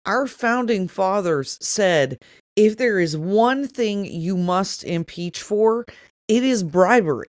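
A woman's voice: mid-range voice, lively intonation, takes it slowly, dry recording, clean studio sound. A woman co-hosting a political talk show, speaking bluntly and with scorn. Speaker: co-host.

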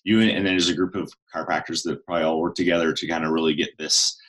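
A man's voice: sits low, fairly even intonation, fast, fairly bright tone, low-quality recording. A man hosting a chiropractic podcast, casual and upbeat, often repeating words as he talks. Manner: enthusiastic, casual, repeats himself. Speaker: podcast host. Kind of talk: podcast interview.

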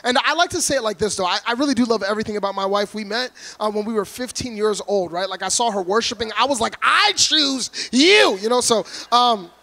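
Brief: high-pitched male preacher from Florida, energetic, comic, loud delivery to a church crowd. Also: fast, hardly any pauses. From Orlando, Florida, USA. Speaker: guest preacher. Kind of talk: humorous sermon to a congregation. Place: church before a live congregation.

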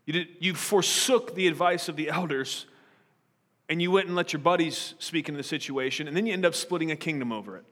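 A man preaches a sermon, switching from scripture reading to loose, joking retellings. His voice sits a little high. Long reverb from the church hall trails each phrase. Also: a little fast, fairly bright tone. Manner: casual, joking asides between scripture reading. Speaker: pastor. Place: church sanctuary.

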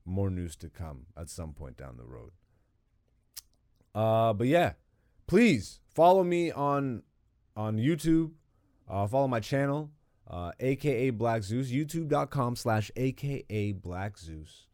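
A man's voice: medium pitch, very animated, slow pace, darkish tone, dry recording. A man hosting his own podcast in a studio, riffing alone in a goofy, profane, joking way into a studio microphone. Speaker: podcast host. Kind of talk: casual comedic solo monologue.

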